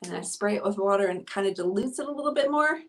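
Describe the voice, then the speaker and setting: A woman's voice: mid-range voice, lively intonation, fast talker. A woman hosting a live painting tutorial, chatting upbeat with viewers while she works and sounding out of breath. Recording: voice heard from a distance.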